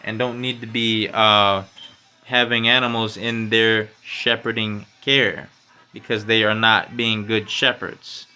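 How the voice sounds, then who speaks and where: Bright-voiced, slangy man ranting. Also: flat delivery, slow pace, smooth. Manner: slangy, profane, fillers like "you know, man"; gets loud and high when worked up. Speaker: podcast host. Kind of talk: casual solo podcast rant.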